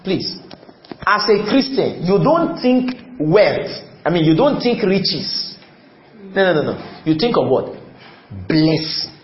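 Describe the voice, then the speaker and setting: Man, preacher, high lively voice, emphatic call-and-response sermon, echoey muffled church recording. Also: slow. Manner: call-and-response, asks the congregation questions; emphatic, repeats phrases. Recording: echoey, slightly muffled, faint room noise.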